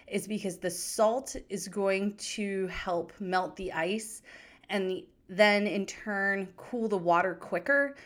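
A woman in her thirties hosting a podcast, telling stories in a chatty, animated way. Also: medium pitch, slow. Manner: chatty, animated, acts out quoted voices. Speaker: podcast host. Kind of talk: casual storytelling chat.

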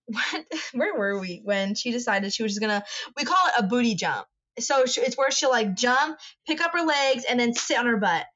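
A woman with a fairly high voice tells blunt, profane stories in a casual podcast chat. The recording sounds dull and lo-fi. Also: lively intonation, normal speed, a bit bright. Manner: frank storytelling, heavy swearing. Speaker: podcast co-host.

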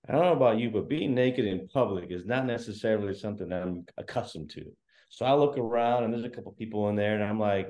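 A man's voice: mid-range voice, a little fast, a little mellow. A man doing stand-up comedy, telling self-deprecating stories. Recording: roomy echo.

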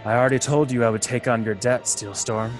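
A man voicing a calm, seasoned male fighter who speaks in a dry, reassuring way. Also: medium pitch, fairly quick, soft background music, natural voice, rough recording.

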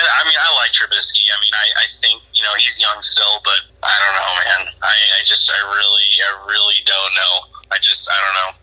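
A man with a husky, bright edge to his low voice, rattling off his thoughts quickly. He rambles, restarts and repeats himself in relaxed sports talk, full of fillers. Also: low-quality recording. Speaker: podcast guest. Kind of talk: casual sports chat.

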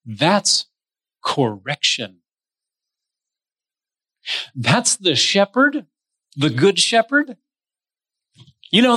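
Slow, bright-voiced man preaching. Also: high-pitched, husky, dry recording. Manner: emphatic preaching, drawn-out stressed words; addresses listeners directly. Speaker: pastor. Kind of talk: sermon.

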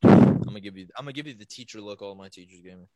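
A man's voice: lowish voice, very fast, warm tone, dry recording, lo-fi sound. A young man co-hosting a podcast, telling stories in a casual, profane way and acting out the voices of people in them. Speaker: podcast co-host. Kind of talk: casual storytelling.

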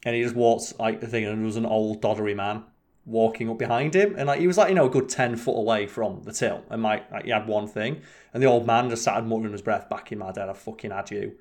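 A man's voice: lowish voice, steady tone, fast, a little mellow. A young man on a podcast, telling rambling, sweary anecdotes with lots of restarts. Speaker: podcast co-host. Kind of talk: casual storytelling chat.

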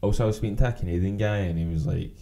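A young Scottish man with a strong Glaswegian accent, talking fast and swearing in a casual podcast chat. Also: fairly low pitch, warm tone. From Scotland. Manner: talks fast, swears, says "man" a lot. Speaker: podcast co-host. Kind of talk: casual chat over drinks. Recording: echoey room.

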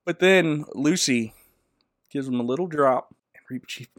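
A man's voice: a little high, moderate pace, no echo, clean studio sound. A man giving a jokey, slangy recap of a movie plot, laughing often. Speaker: podcast host.

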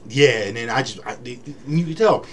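Brief: male co-host, mid pitch, easygoing slang, jokey, faint noise under. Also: normal speed, a bit bright. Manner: laid-back, slangy, playful wordplay. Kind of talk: casual chat.

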